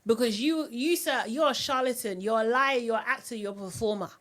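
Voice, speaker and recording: A woman hosting a live reality TV recap, talking in an animated, outspoken way. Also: on the high side, a little fast. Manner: animated and outspoken, often mocking voices. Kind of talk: live recap and review chat.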